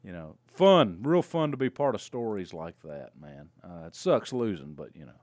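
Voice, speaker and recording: Brief: young male co-host, low voice, dry close sound, animated yarn-spinner. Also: normal speed, dry recording. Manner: animated storyteller, laughs often. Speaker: podcast co-host and indie wrestler. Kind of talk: casual chat, road stories.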